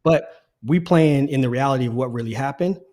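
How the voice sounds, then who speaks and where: A middle-aged man co-hosting a casual sports podcast, animated and repeating his phrases as he talks. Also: mid-range voice, a little fast. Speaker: podcast co-host.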